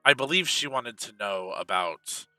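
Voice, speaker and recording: A hesitant young male companion, played by a man, speaking slowly and unsurely. His voice is bright. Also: medium pitch, lively intonation, dry recording, far from the mic, soft background music, low-quality recording.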